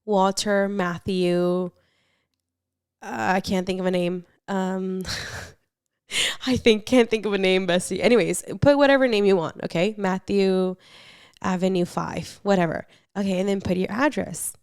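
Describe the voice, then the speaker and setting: A young woman hosting a casual advice podcast, chatty and animated, reading confessions and swearing casually. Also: medium pitch, moderate pace, smooth, no echo, studio quality. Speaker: podcast host.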